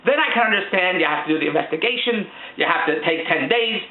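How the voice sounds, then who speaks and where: A man's voice: high voice, animated, quick pace, reverberant, phone-quality sound. An older man telling a comic rant about his bank with exasperation, acting out both himself and the bank staff. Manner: exasperated, acts out both sides of the conversation.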